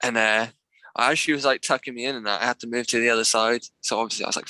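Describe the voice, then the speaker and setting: A man's voice: medium pitch, steady tone, quick pace, sharp tone, no room sound, poor audio. A young man co-hosting a podcast, telling stories in casual chat, swearing freely and laughing often. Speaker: podcast co-host.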